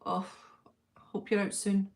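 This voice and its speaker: Welsh woman host, middle-aged, chatty fan-chat livestream, warm gushing delivery with frequent laughs. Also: medium pitch, completely flat delivery, slow. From Wales. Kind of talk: casual chat reading viewer comments.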